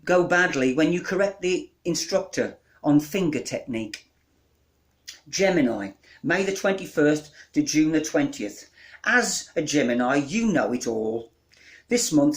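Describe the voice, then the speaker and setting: Deadpan comic poet, slightly high voice. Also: male voice, normal speed. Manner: deadpan delivery, rattling off long lists. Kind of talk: live comic verse performance.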